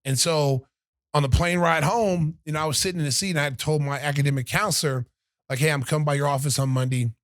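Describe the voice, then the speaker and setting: A man's voice: on the high side, fast, no room sound, clean studio sound. A middle-aged man hosting a podcast, telling a story in casual chat and acting out what others said. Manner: animated storyteller, acts out quotes of others. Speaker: podcast host.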